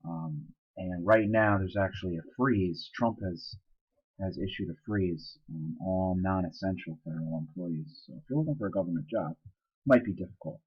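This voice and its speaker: Casual low-voiced male teacher. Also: moderate pace, slightly rough, highs cut off. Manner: casual, explanatory, with fillers and asides. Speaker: social studies teacher. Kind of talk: recorded lecture.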